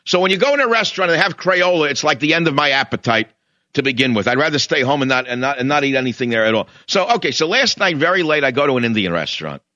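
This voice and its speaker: A man's voice: medium pitch, lively intonation, fast talker, bright, forceful tone, no room sound, highs cut off. An older man from New York hosting a radio talk show, delivering an indignant, mocking monologue and telling a story with mimicked voices. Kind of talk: ranting monologue.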